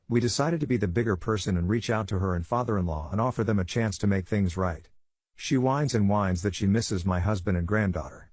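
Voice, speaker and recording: Man, narrator, bedtime story reading, low voice, dry close sound. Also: a little mellow, no room sound.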